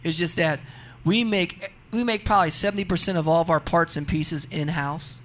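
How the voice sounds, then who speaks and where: A man's voice: a little high, normal speed. A man guest on a radio talk show, chatting casually and animatedly, laughing often and telling stories. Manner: animated storyteller, laughs often, says "you know what I mean". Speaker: racing guest. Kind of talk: casual radio interview chat.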